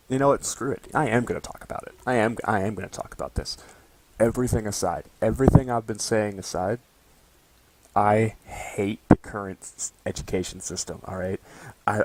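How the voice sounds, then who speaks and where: A young man in college ranting casually to camera, swearing often and tagging his lines with "okay?". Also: fairly low pitch. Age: young adult. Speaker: college student vlogger.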